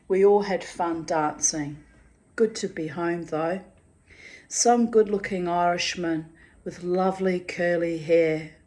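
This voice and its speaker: A mature woman reads from her personal diary in a slow, unhurried way. Her voice sits a little low, and she speaks bluntly, with frank swearing and exasperated asides. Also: a little mellow. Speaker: diarist reading her journal. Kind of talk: diary-style personal reading.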